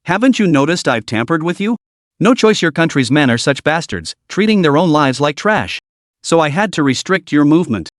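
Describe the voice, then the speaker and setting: A man's voice: on the high side, very animated, moderate pace, dry recording, studio quality. A man doing a wolfish menacing leader. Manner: commanding, menacing.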